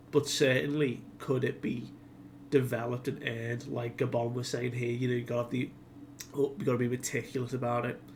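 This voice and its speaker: A man with a medium-pitched voice hosts a manga discussion video, giving a casual recap of a chapter against slight background noise. He's chatty and full of fillers, and voices the characters' lines himself.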